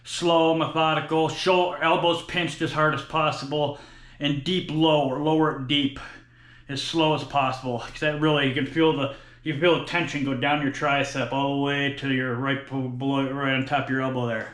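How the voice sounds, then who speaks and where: Man, forties, workout vlog, breathless, blunt and profane, bright voice, echoey gym. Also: mid-range voice, level tone, moderate pace. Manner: profane, blunt, talks between sets with sighs. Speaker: fitness vlogger.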